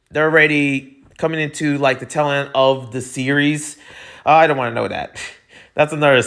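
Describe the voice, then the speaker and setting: A man in his twenties, rambling and excitable as he reviews a show in a casual vlog, often repeating himself. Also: a little high. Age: 20s.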